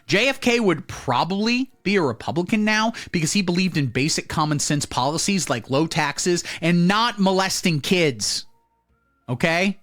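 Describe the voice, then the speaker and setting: A man delivering a satirical comedy monologue in a mock-serious, deadpan way, breaking into loud announcements. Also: mid-range voice, brisk, soft background music. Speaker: comedy streamer.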